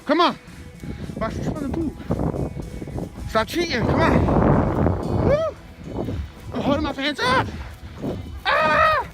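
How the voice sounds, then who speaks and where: A man vlogging while jogging outdoors with his dog, out of breath, excitable and full of slang. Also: very high-pitched, slow pace, pauses often, loud music behind the voice. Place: outdoors on a street. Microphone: handheld camera.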